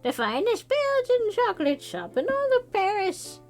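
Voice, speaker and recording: A woman voicing a fussy, effusive male elephant chocolatier in game dialogue she reads aloud, with a theatrical, squeaky delivery. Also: very animated, normal speed, faint music behind. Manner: over-the-top, theatrical, squeaky.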